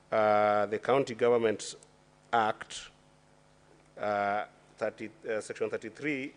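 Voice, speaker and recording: A Kenyan man with a somewhat low voice questions a witness in a senate chamber. He speaks in a formal, measured way and often pauses on fillers before restarting his sentences. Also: darkish tone. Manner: deliberate, halting, with frequent fillers and restarts.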